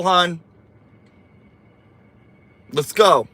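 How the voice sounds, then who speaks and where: A man's voice: mid-range voice, animated, moderate pace, dry recording. A man hosting a casual livestream, reading viewer comments aloud and teasing them in a sassy, campy way.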